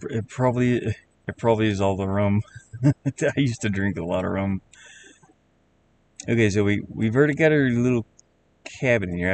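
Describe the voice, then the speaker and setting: Low-voiced Southern man rambling on stream. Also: darkish tone, a little hiss or hum. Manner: rambling, halting, restarts words. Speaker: game developer streamer. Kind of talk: casual live-stream chat while working.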